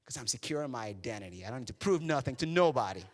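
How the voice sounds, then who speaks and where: A man preaching a sermon as pastor in a church auditorium. He tells the story in a conversational, animated way, acting out the characters and checking in with the crowd. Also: medium pitch, racing.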